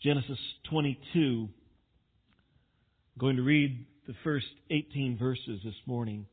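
A male pastor preaching a sermon in an unhurried, folksy way with self-deprecating humor. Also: medium pitch, husky. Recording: tinny phone-like sound.

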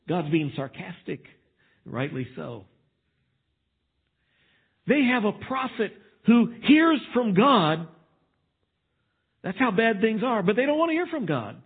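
A man's voice: sits high, sing-song, slow pace, vocal fry, long pauses, slightly rough. A male pastor preaching a sermon with emphasis and rhetorical questions. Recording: tinny phone-like sound.

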